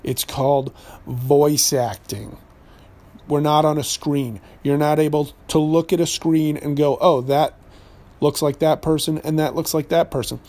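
A man hosts his podcast in a loose, sarcastic rant, full of asides and self-corrections. He grew up in New Hampshire. His voice sits a touch higher than most men's. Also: steady tone, a little slow, dark tone. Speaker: podcast host and voice actor. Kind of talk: ranting podcast monologue.

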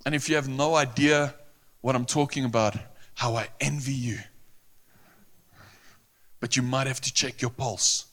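A male pastor delivering a sermon with a bright, forceful voice. He speaks earnestly and emphatically, and he often repeats phrases for weight. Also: mid-range voice, steady tone, unhurried, pauses often.

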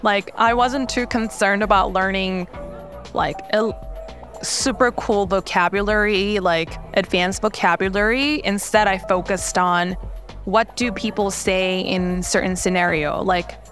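A woman's voice: mid-range voice, steady tone, measured pace, a bit bright, soft background music. Korean-born woman chatting in an interview. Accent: light Korean. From South Korea. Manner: chatty, many fillers, laughs often. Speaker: startup founder, interview guest. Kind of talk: casual interview talk.

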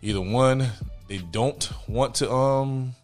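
A man's voice: mid-range voice, slow pace, soft background music. A young man in casual podcast chat, telling a story with lots of slang and acting out both sides of a quarrel. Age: young adult. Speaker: podcast co-host.

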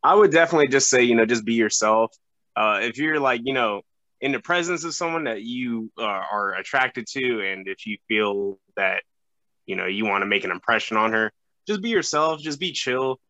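A young man chatting on a podcast as a guest, halting and full of fillers and restarts. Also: medium pitch, lively intonation, sharp tone, no echo, lo-fi sound. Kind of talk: casual podcast chat.

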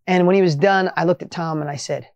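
A man hosting a motivational podcast, telling a coaching story with emphatic energy that swings between loud highs and quiet asides. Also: steady tone, fast, creaky, no echo, highs cut off.

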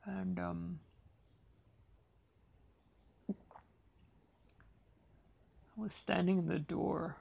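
A man's voice: sits high, fairly even intonation, slow pace, vocal fry, a little mellow, slightly rough. A man telling a personal story with dramatic flair, acting out the dialogue as he goes. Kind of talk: personal anecdote told dramatically.

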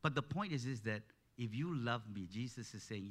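A man's voice: medium pitch, animated, moderate pace, hardly any pauses, fairly bright tone. A man preaching a sermon, telling a story with many restarts and building to emphatic peaks.

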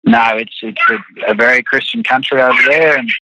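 A man's voice: mid-range voice, a little fast, pushed and bright, no echo, lo-fi sound. An Australian man, a rodeo rider, chatting in an interview in a laid-back, rambling way full of restarts. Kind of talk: casual interview chat.

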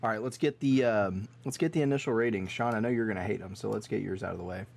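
Joking, animated man hosting a beer tasting. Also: on the low side, fast, gravelly. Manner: joking, animated, easily excited. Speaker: host. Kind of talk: casual chat, beer tasting.

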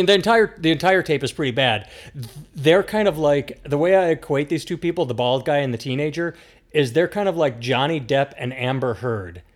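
A man hosting a podcast, recounting a story in a wry, insistent way. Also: mid-range voice. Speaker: podcast host. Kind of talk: casual chat.

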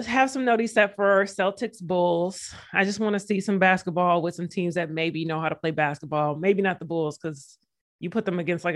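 Woman, podcast co-host, casual sports chat, digressive, joking. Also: fairly low pitch.

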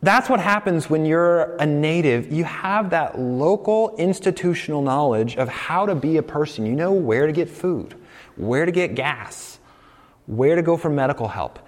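A man from the United States preaching a sermon in a conversational, animated way. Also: on the high side, moderate pace, long reverb tail. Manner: conversational and animated, acting out quoted voices. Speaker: pastor.

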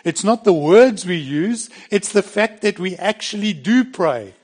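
A man's voice: sits high, lively intonation, a little slow, a little mellow, husky. Conversational middle-aged male pastor preaching. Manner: plain and conversational, with bursts of emphasis. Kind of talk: sermon.

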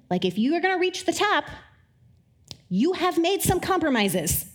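A woman giving a conversational sermon to a live audience, wry and joking, with quick asides. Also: high voice, very animated. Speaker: speaker. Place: live talk before an audience.

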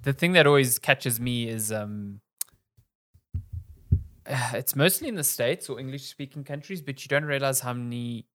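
A man's voice: medium pitch, measured pace, fairly bright tone, no room sound. Easygoing man, dry sound. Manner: easygoing, conversational, thinks aloud. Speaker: podcast co-host. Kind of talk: casual chat.

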